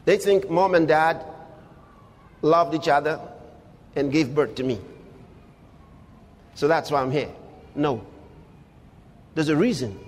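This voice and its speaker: Emphatic high-voiced male preacher, reverberant hall. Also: takes it slowly, long pauses. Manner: emphatic, rhetorical, swings between low asides and loud exclamations. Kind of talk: sermon.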